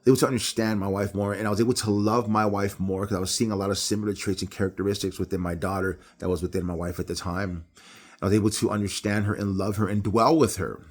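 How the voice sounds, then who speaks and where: A middle-aged man giving a casual Bible devotional talk, telling personal stories with animated, rising delivery. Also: fast talker. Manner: animated storytelling, jumps high when acting out others. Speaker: preacher.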